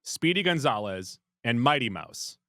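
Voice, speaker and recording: A man's voice: mid-range voice, very animated, measured pace, sharp tone, no room sound, clean studio sound. A man co-hosting a movie podcast, chatting casually and playfully. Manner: playful, jokey, rattles off lists. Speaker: podcast co-host. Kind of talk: casual chat.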